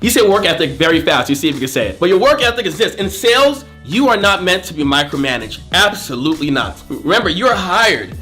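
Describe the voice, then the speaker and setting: A man giving an energetic, joking video lesson on sales, with faint music behind. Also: sits high, fast talker, few pauses. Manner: energetic, joking, acts out voices. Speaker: sales coach.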